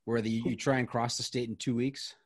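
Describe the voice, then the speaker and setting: A man's voice: mid-range voice, level tone, brisk, breathy edge, no echo, clean studio sound. A man hosting a podcast, asking curious, self-deprecating questions. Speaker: podcast host.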